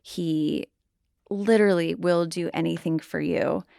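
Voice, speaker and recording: A middle-aged pastor's wife, appearing as a podcast guest, tells family stories in casual conversation. Her voice is fairly low with vocal fry and a measured pace, recorded dry at studio quality. She narrates with animation and acts out the quoted dialogue.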